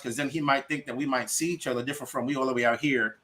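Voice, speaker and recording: Man, 40s, bright lively podcast co-host, faint hiss behind. Talks relationships in an animated, storytelling way. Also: medium pitch, rapid-fire. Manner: animated, storytelling with quoted voices. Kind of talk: casual podcast chat.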